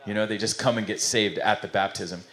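A man's voice: on the low side, steady tone, a little fast, a bit bright. Conversational man preaching a sermon. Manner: conversational, rambling, self-correcting. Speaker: pastor. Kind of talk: sermon with jokes. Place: church service before a congregation.

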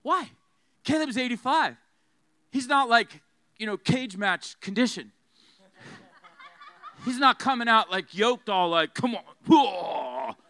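Fiery high-voiced male preacher. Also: a little slow, long pauses, bright, forceful tone, no room sound. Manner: fiery, emphatic, has the crowd repeat phrases. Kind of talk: sermon.

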